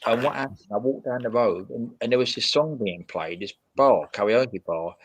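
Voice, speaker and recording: A man's voice: mid-range voice, normal speed, husky, no room sound. A man chatting casually on a livestream, hesitant and repeating his words. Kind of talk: casual chat.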